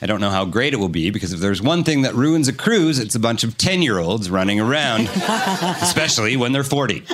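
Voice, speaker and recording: A man's voice: medium pitch, very animated, fairly quick, very noisy. A man hosting a comedy news quiz, delivering scripted jokes with punch and laughing at his own lines. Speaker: quiz show host.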